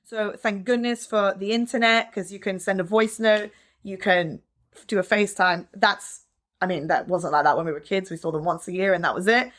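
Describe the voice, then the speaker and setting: A woman's voice: mid-range voice, a little fast, fairly bright tone. A woman in her thirties, a dancer, talking in a chatty, upbeat way as a guest in an interview, often saying "like". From France and the United States. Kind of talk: relaxed interview conversation.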